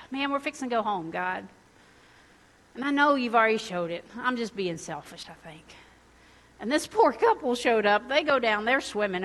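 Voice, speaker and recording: A woman giving a sermon, telling a personal story in an animated way and laughing often. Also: high voice. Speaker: preacher.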